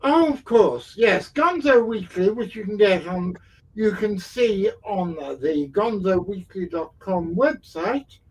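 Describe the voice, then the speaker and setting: A man's voice: sits high, expressive, takes it slowly, husky, low-quality recording. A man hosting a casual online talk show, rambling and self-mocking. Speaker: podcast host. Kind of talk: casual chat.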